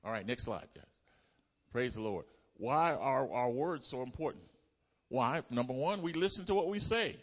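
Man preaching a lively call-and-response sermon. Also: mid-range voice, moderate pace. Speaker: pastor. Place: church.

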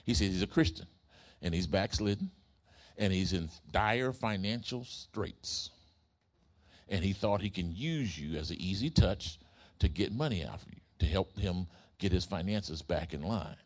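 A man preaching a sermon, telling a story in an animated way and asking his congregation questions. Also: sits low, a little slow. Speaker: pastor.

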